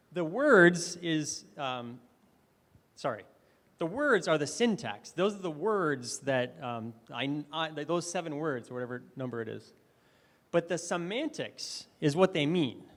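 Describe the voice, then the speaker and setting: A man's voice: sits high, fairly bright tone. A man giving a conversational conference presentation, full of fillers and restarts. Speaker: conference speaker. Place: conference hall. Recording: reverberant hall.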